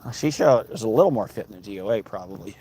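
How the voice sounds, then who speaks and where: A man's voice: lowish voice, lively intonation, quick pace, mellow, breathy edge. A man livestreaming while walking outdoors, reading viewer comments aloud and bantering with his chat.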